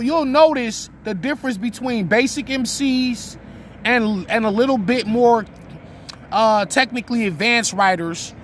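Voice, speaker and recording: A man's voice: high-pitched, a bit bright. A man giving a casual, talkative lesson on writing rap rhymes, now and then reciting his own bars. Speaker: battle rap teacher.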